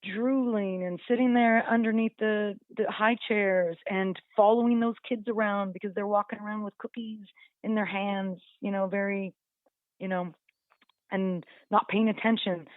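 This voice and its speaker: A woman's voice: medium pitch, steady tone, normal speed, no echo. A woman dog trainer talking casually in a radio interview, chatty and full of "you know", acting out dogs and owners as she explains. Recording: dry tinny phone-like line.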